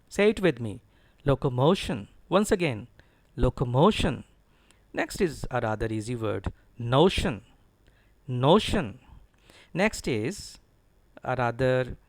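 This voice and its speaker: A middle-aged man teaching an English pronunciation lesson, slowly drilling words with his students through repetition. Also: medium pitch, vocal fry, no room sound.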